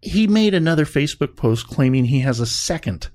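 Male car-show co-host, animated, jokey, wide pitch swings. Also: a little fast. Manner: animated, jokey, swings into high excited tones. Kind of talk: casual car news chat.

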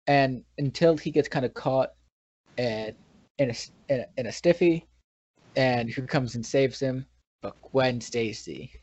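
A man's voice: medium pitch, unhurried, darkish tone, no echo. A man from New York recapping a movie in casual chat, retelling scenes with frequent restarts and trailing sentences. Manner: rambling retelling with many restarts. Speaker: podcast co-host. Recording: dull, dry lo-fi recording.

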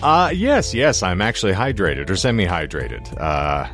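A man co-hosting a podcast with a hoarse, sore throat, telling long rambling stories with wry asides. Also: sits low, very animated, moderate pace, a bit bright, soft background music. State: hoarse throat after illness. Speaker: podcast co-host. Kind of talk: casual podcast chat.

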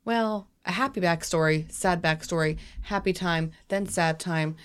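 A woman's voice: on the low side, unhurried, smooth, no room sound. A tired woman co-hosting a podcast, chatting casually and then telling a history story from her notes. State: tired, half asleep. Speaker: podcast co-host. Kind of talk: casual chat and read-out history.

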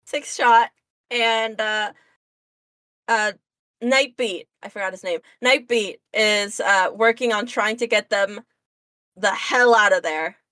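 A woman's voice: medium pitch, sharp tone, no room sound. A woman co-hosting a casual podcast, recapping a comic with lots of fillers and restarts. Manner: halting, many fillers and restarts. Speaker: podcast co-host.

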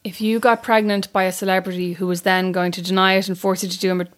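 A woman's voice: mid-range voice, level tone, fast. A woman chatting casually as a podcast co-host, blunt and frank, with the odd swear word. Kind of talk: casual chat.

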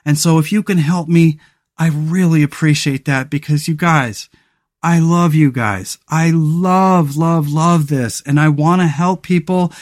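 Man, high voice, solo motivational podcast host, heartfelt, rambling, stumbling restarts, occasional cursing. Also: measured pace. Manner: earnest, rambling, frequent restarts and fillers, occasional swearing.

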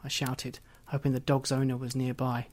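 A man's voice: mid-range voice, completely flat delivery, moderate pace, a little mellow. A man reading a first-person story aloud in a reflective way. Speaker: narrator. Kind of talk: audiobook reading.

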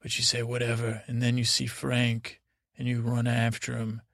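Gravelly man rambling a bedtime story. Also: completely flat delivery, fairly bright tone, no echo, studio quality. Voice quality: gravelly, low-key drone. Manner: meandering, halting, with many restarts and trailing asides. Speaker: sleep podcast host.

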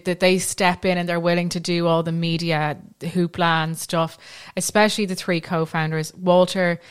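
A woman co-hosts a podcast, walking her friends through a case in loose, chatty storytelling. Her voice sits a little low and comes across smooth and clear, with frequent ums and restarts along the way. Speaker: podcast co-host telling the case. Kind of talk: casual storytelling chat.

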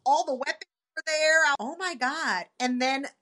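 A woman with a bright, forceful voice sits a touch high in her range as she tells a story in a relaxed podcast chat. She slips into the voices of the people she quotes, keeping the telling animated. Her delivery is lively and conversational. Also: normal speed. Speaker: podcast co-host.

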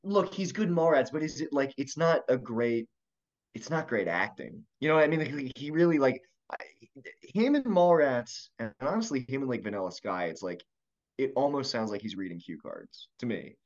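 A man's voice: animated, moderate pace, lo-fi sound. A man from Maryland who is a comedian, co-hosting a podcast in a rambling, self-interrupting chat. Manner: rambling, self-interrupting, drops pitch when telling stories. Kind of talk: casual chat.

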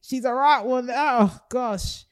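A woman's voice: on the high side, takes it slowly, dry recording, pitched above the performer's own voice. Woman doing a Geordie accent, flirty northern lass, cheeky, playful, sing-song. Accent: Geordie English, put on. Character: flirty northern English lass chasing lads. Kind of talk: comic impression within a podcast.

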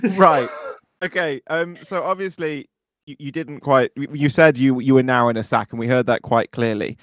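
A man's voice: mid-range voice, moderate pace, fairly bright tone, dry recording, clean studio sound. A man running a comedic tabletop role-play game as its game master, talking hesitantly with lots of fillers. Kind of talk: casual game narration.

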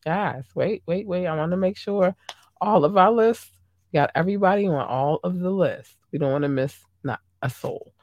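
A gushing, affectionate podcast host in casual livestream chat, calling listeners babies and darlings. The voice sits at a middling pitch but leaps from low murmurs to high squeals. The sound is dry and close, with no room around it. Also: moderate pace, dry recording, lo-fi sound.

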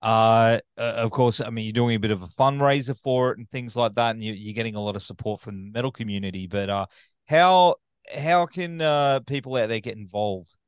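A man's voice: medium pitch, brisk, clean tone, no room sound, studio quality. A man hosting a podcast interview, joking and loose, swearing casually. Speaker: podcast host.

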